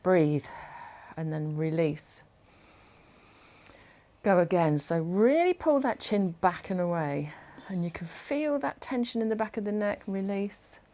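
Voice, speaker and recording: A woman instructor leading a gentle chair exercise class over a video call, encouraging and instructive. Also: on the low side, sing-song, measured pace.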